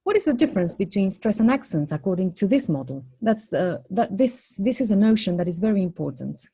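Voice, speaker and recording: Husky, mellow-voiced woman lecturing. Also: medium pitch, sing-song. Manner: measured, explains step by step with rhetorical questions. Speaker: phonology lecturer. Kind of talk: explanatory lecture.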